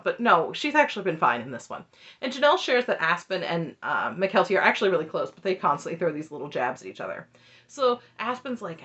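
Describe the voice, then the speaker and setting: Animated woman recapping a reality show. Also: medium pitch, brisk, dull audio. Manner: animated, laughs often, acts out quotes. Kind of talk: casual commentary recap.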